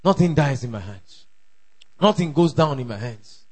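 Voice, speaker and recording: A man preaching a sermon, emphatic and repetitive, calling out declarations and shouting at the peaks. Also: medium pitch, expressive, normal speed, slightly rough. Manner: emphatic, repeats lines for the crowd to echo, shouts at peaks. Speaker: pastor.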